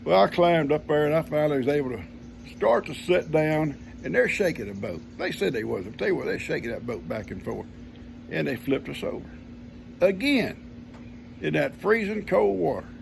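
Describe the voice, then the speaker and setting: An older man with a drawl spins a homespun yarn in a deeply gravelly, creaky voice that sits a little high for a man. His telling is folksy and easygoing. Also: expressive, moderate pace, slight background noise. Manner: folksy, homespun grammar, chuckling storyteller. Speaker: vlogger telling a family story. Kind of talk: casual storytelling.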